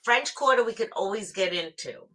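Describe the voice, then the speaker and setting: A woman's voice: mid-range voice, expressive, moderate pace, fairly bright tone. A woman from New York with a New York accent, chatting casually as a guest on a live stream about her everyday outings.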